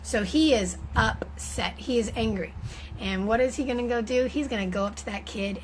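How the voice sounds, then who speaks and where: Woman teaching parents in a loose chatty way, average pitch, restarts a lot, bit of quiet room noise. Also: normal speed, poor audio. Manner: conversational, frequent fillers and restarts. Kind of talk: informal teaching talk.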